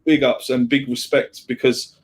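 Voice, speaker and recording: A man's voice: mid-range voice, flat delivery, normal speed. A man co-hosting a casual podcast chat, rambling, repeating himself and swearing freely. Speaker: podcast co-host.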